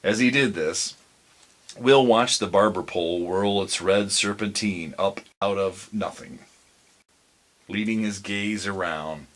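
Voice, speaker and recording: Slow, low-voiced male story narrator. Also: fairly bright tone. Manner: measured, deliberate storytelling. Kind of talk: bedtime story reading.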